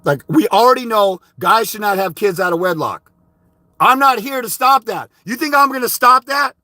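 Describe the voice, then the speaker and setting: A man's voice: sits high, lively intonation, moderate pace, sharp tone, no echo. A man ranting on a livestream, heated and profane, scolding his critics. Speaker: fathers' rights advocate streaming live. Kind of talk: angry livestream rant.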